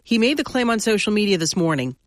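Male radio newscaster, slightly high voice, dry booth sound, formal measured reads. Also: very animated, dry recording.

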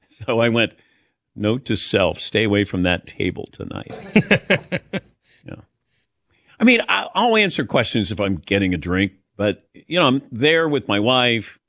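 A man hosts a casual talk show in a dry, close studio sound, his pitch swinging widely as he tells stories. He laughs often and acts out the people in his anecdotes. His delivery stays chatty and relaxed. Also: no room sound. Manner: storytelling, animated, laughs often. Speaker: sports talk show host. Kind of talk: casual radio show chat.

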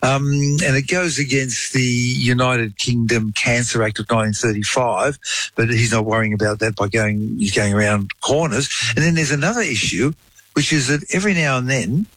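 A man's voice: mid-range voice, normal speed, fairly bright tone, no echo, rough recording. A man explaining a medical topic in conversation, telling a case story with frequent "you know" asides. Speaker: guest explaining science.

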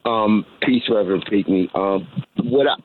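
A man's voice: fairly low pitch, moderate pace. A man calling in to a radio show, hesitant and searching for his words. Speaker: caller. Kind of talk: call-in radio question. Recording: tinny phone line with faint hiss.

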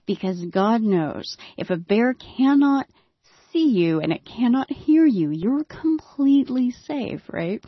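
A woman telling a first-person story, building suspense and dropping to hushed tones. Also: medium pitch, dry recording, lo-fi sound.

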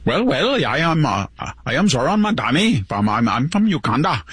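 A man putting on a halting, mocking foreign accent as a parody. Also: a little high, sing-song, fairly bright tone, breathy edge, no room sound, voice pushed up, heavily acted. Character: mocking impression of a man's put-on foreign accent.

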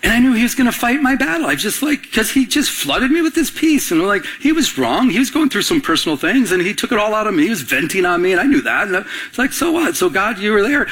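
Man, pastor, sermon, fairly high voice, husky, call-and-response. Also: very animated, quick pace, few pauses, a bit bright, low-quality recording. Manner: storytelling with call-and-response questions.

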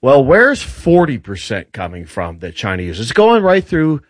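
Animated male guest explaining with relish. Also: mid-range voice, dry recording. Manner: animated explainer, quick restarts. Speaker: guest commentator on US military. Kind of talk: casual explanatory talk show chat.

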